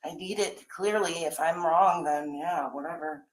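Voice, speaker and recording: A woman's voice: low voice, unhurried, very noisy. A woman in police custody talking anxiously and pleading with officers. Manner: anxious, pleading, shouts in protest. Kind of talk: distressed conversation with police. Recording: roomy bodycam audio.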